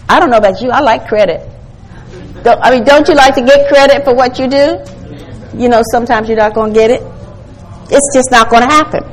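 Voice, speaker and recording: In a low-quality recording, an older women's ministry speaker delivers an emphatic sermon to women, quoting scripture and questioning her listeners. Her voice is on the high side, brisk, with frequent pauses.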